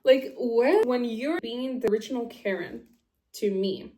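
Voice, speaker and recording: A woman vlogger with a fairly high, warm voice tells a story in casual chat, her intonation lively and her pace a little slow. She's chatty and emphatic, says "like" often, and laughs as she goes, all in an echoey room.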